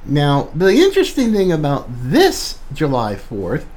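A podcast host rants through an opinion monologue, hammering points home by repeating them. The delivery is slow and deliberate. The pitch swings widely as the indignation builds. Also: huge pitch swings, darkish tone. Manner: emphatic, repeats phrases for stress; indignant, ranting.

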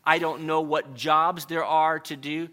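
Bright-voiced man preaching a sermon. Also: a little high, steady tone, a little slow. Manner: earnest, reads scripture aloud, emphatic asides.

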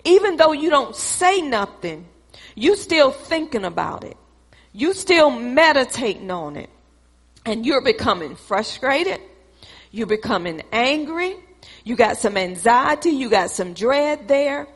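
A woman's voice: high voice, very animated, measured pace, breathy edge. A woman preaching a sermon, who acts out both sides of an argument in a repetitive preacherly cadence. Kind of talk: sermon with acted-out dialogue. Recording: long hall reverb.

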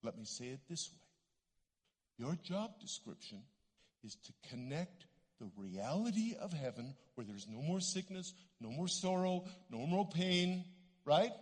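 A middle-aged Canadian man preaching a sermon in a church sanctuary, telling stories and acting out the voices in them. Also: medium pitch. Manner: animated storytelling, acts out voices. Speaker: guest preacher. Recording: long church hall reverb.

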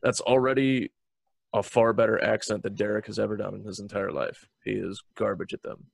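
A man's voice: on the low side, brisk, gravelly, no echo. A man hosting a podcast, teasing his guests with crude jokes in casual banter. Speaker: podcast host.

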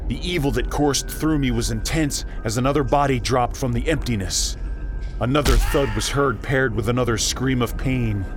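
A man reading a horror story aloud as narrator, emotive and shifting between tense and hushed tones. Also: mid-range voice. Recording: music bed under the voice. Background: background music.

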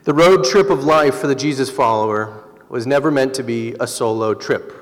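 A man's voice: mid-range voice, moderate pace. A man delivering a sermon in an easy, conversational tone, slipping into personal stories. His voice sits in the middle range. The sound carries a long reverb, as if from a large church hall. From Southern California. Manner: relaxed, conversational storytelling with laughs. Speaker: pastor.

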